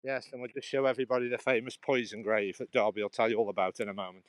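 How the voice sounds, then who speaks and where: A man chats casually on a walking vlog, rambling and restarting his sentences as he goes. His voice sits at an ordinary middle pitch. The sound is dry and close, with little reverb. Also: little pitch movement, very fast. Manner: chatty, rambling, restarts often. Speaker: vlogger. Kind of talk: casual chat while walking. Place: outdoors in a churchyard.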